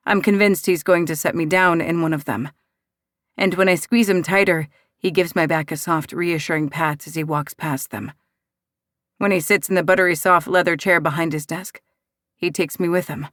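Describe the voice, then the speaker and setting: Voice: mid-range voice, steady tone, moderate pace, a bit bright, no echo, studio quality. An audiobook narrator giving emotive first-person romance narration.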